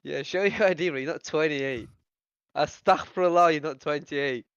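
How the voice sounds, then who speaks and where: A man's voice: fairly high pitch, normal speed, fairly bright tone, clear, resonant tone, dry recording. A man hosting a casual voice-chat discussion, teasing and stumbling over restarts. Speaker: discussion host. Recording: muffled lo-fi voice chat.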